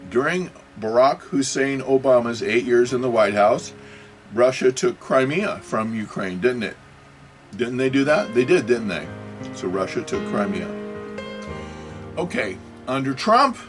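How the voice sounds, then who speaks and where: A man's voice: medium pitch, expressive, a little slow, long pauses, soft background music. A man hosting his own video, talking off the cuff in a rambling monologue, full of rhetorical questions, fillers and self-corrections. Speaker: video host. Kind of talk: unscripted political and religious monologue.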